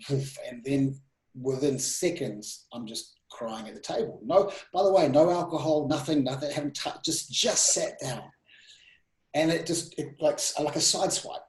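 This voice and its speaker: A man guesting on a podcast as a presenting mentor, telling personal stories in a casual, animated way, his voice rising and dropping sharply. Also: mid-range voice, roomy sound, low-quality recording. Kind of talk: casual storytelling interview.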